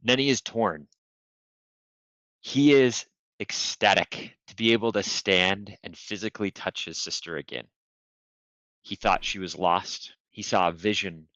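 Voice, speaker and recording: A man playing a tabletop game, describing his character's actions and feelings in a thoughtful, measured way. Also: low voice, fairly bright tone, dry recording, rough recording. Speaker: player.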